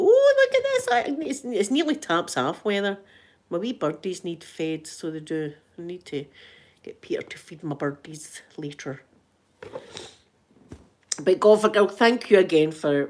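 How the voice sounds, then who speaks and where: Chatty Glaswegian woman telling stories. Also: mid-range voice. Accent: Glaswegian Scottish. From Scotland. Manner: animated, swears, acts out both sides of conversations. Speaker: ASMR vlogger. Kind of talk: casual storytelling chat.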